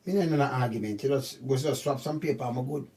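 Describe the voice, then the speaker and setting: A man with a Jamaican accent giving casual, animated commentary on a news story, often stopping to ask "see?". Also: medium pitch, quick pace. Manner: animated, repetitive, keeps asking "see?". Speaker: channel host. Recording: voice distant from the mic.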